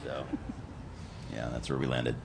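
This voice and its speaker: A man who is a voice actor, answering fan questions on a convention panel in a relaxed, self-deprecating way. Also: extremely low pitch, fairly quick, noisy background.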